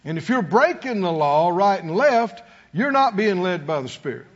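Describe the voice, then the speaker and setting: A man preaching a sermon to a congregation in a call-and-response style, sometimes rising to shouts. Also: high voice, big pitch swings, moderate pace, dull audio. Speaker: pastor.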